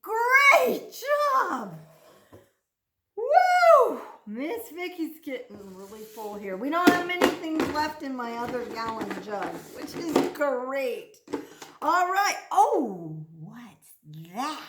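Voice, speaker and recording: A woman with a very high, bouncy voice leads a children's speech lesson, coaxing and praising as she slowly stretches out each prompt. Her unhurried delivery rings in an echoey room. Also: heavy background noise. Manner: animated, encouraging, slow over-articulated prompts.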